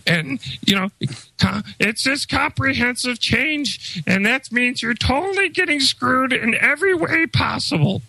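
A man doing a squeaky, gravelly smooth-talking politician. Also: expressive, a little slow, sharp tone, no room sound, exaggerated voice, rough recording. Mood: smug. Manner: glib, evasive. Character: pompous male politician promising change.

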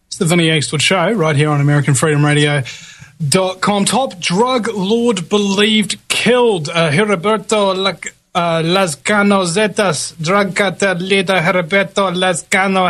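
A man's voice: sits high, fairly bright tone. A man hosting a talk radio show, reading news stories and adding casual, rambling asides with lots of fillers.

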